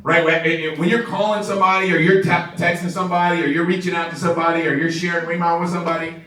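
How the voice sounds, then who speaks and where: A man giving an energetic, excitable motivational training talk to a live audience in a large room, laughing often and asking "right?" a lot. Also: on the high side, fast. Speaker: sales trainer. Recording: echoey room, voice from far off.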